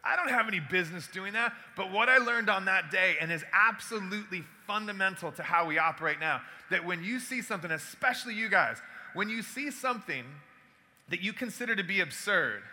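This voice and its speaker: A man giving a storytelling talk to an audience, animated and acting out the dialogue as he goes. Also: high-pitched.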